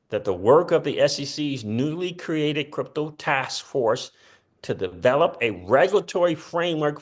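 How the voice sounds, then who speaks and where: A man hosting a casual commentary channel, reading news posts aloud and breaking in with quick offhand asides. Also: fairly high pitch. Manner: chatty, reads quotes aloud with asides. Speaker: crypto channel host.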